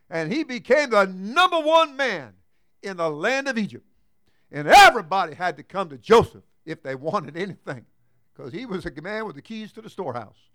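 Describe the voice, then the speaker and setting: A man with a high voice preaching a fervent sermon, calling out for amens from his congregation. He swings between hushed, low talk and shouted peaks, with laughs mixed in. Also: no room sound. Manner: calls for congregation response. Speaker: pastor.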